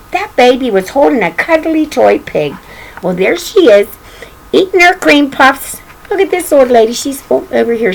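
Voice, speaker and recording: A woman's voice: mid-range voice, gravelly, slight background noise, rough recording. An older woman reading a picture book aloud to children, chatting affectionately and pointing out the pictures. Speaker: story reader.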